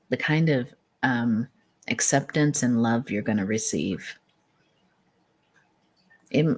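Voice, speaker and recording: A woman with a strikingly deep voice leads a channeled tarot reading, taking her time over every phrase. She wanders gently from thought to thought, passing along spirit messages between soft laughs. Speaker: psychic tarot reader.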